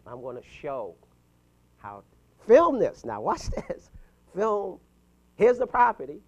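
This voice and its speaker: A man in his fifties giving an animated, punchy motivational talk to a mastermind group, chuckling between points. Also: high voice, slow pace. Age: 50s.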